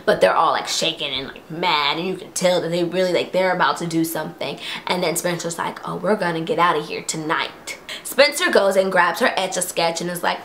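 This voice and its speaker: A young woman recapping a TV episode in casual chat, acting out quotes in high voices. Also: brisk, a bit bright, slight background noise.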